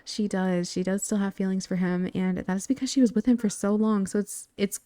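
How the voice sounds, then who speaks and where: A woman's voice: mid-range voice, steady tone, brisk, warm tone, no echo, clean studio sound. A woman narrating a life-sim game story in a chatty, casual way, talking straight to her viewers. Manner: chatty, addresses viewers directly.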